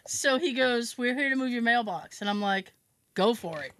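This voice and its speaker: A woman podcast host chats casually in a fairly high, expressive, slightly bright voice at a normal speed. Telling a story, she acts out other people's lines, mocks herself, and swears without a second thought.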